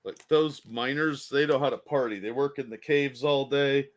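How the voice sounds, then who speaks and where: A man with a mid-range voice trades quips in relaxed podcast chat. He jumps in with jokes and laughs readily between remarks. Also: medium pitch, moderate pace. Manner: jokey, laughs often, chimes in with quips. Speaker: podcast co-host. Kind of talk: casual chat.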